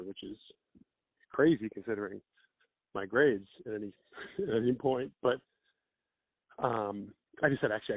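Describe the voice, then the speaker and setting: A man, an improv comedian and teacher, telling stories in casual chat and acting out quick quotes. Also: on the low side, no echo. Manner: animated storyteller with quick acted-out quotes. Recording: dry, phone-like narrow sound.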